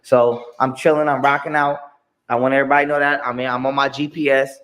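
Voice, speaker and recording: A man's voice: mid-range voice, flat delivery, fast, a bit bright. A man in a played clip ranting emphatically about his own experiences, repeating himself and swearing often. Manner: emphatic, repetitive, profane. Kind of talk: ranting monologue.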